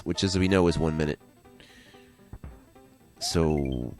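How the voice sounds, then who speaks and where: A man's voice: low-pitched, very animated, a little fast, faint music behind. A man giving casual, rambling gameplay commentary as a let's play host, joking and going off on tangents.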